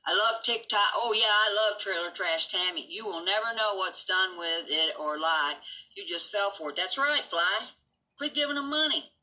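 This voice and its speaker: A woman's voice: mid-range voice, normal speed, bright, forceful tone, rough recording. An older woman hosting a casual live stream, talking bluntly and profanely about online gossip and greeting viewers. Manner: coos baby talk at her dog.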